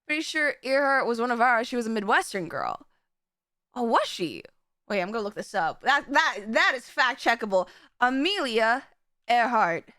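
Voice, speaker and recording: Woman streamer, high bright voice, giggly, rambles and trips over her words. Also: big pitch swings, normal speed, no echo, studio quality. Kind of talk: casual live-stream chat.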